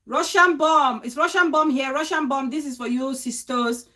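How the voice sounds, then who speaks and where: A woman's voice: high-pitched, moderate pace, bright, forceful tone. A woman hosting, reacting in casual commentary to a played clip, often breaking into laughter. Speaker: host.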